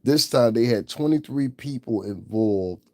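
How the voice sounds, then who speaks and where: A man's voice: medium pitch, animated, unhurried, dark tone, no echo. A man hosting his own channel, giving blunt, profane and scornful commentary. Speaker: channel host. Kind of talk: ranting livestream commentary.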